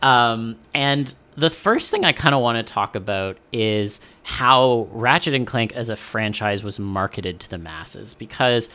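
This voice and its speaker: A man co-hosting a podcast in casual chat, animated and swearing often as he acts out lines he quotes. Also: mid-range voice, a little slow, few pauses. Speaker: podcast co-host.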